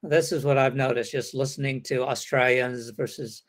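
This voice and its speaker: A man's voice: mid-range voice, fairly even intonation, moderate pace. A man leading an interactive teacher-training lecture, calling on participants and acting out hesitant replies. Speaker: workshop lecturer.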